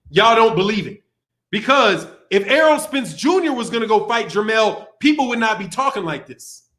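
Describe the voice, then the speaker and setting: A man hosting a boxing channel's livestream rants heatedly and profanely, laughing a lot and repeating himself. His voice is extremely high-pitched, bright, and forceful.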